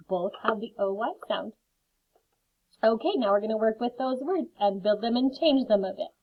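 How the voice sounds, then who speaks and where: Slow, careful woman teaching phonics. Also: mid-range voice. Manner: slow, carefully sounds out words; friendly, chatty asides. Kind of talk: phonics lesson for children. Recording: phone-like lo-fi audio.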